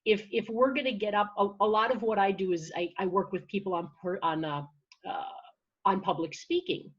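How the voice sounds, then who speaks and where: A woman who works as a confidence and public speaking coach, talking in an energetic, encouraging way with frequent restarts, heard over a video call. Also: mid-range voice, a little fast, breathy edge, dull audio. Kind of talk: conversational interview answer.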